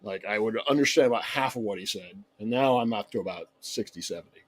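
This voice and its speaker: A man's voice: lowish voice, fast. Easygoing man chatting. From United States. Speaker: guest. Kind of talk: casual chat.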